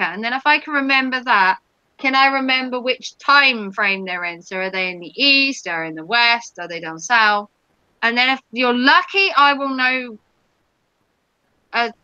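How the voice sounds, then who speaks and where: A woman's voice: high-pitched, sharp tone, no echo, dull audio. A woman hosting a casual live stream, chatting with viewers and reading their comments in a rambling way with many ums.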